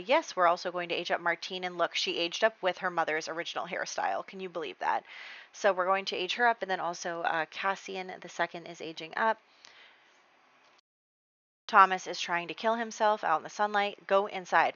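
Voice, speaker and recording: A woman's voice: on the low side, sharp tone, muffled recording. A young woman giving casual, rambling gameplay commentary as the host, with plenty of fillers. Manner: chatty, rambling, with many fillers. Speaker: let's play host.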